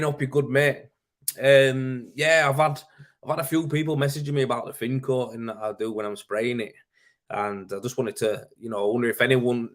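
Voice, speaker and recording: Chatty man on a live stream. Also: medium pitch. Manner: chatty and rambling, full of fillers like mate and man. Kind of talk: casual live-stream chat answering viewer comments.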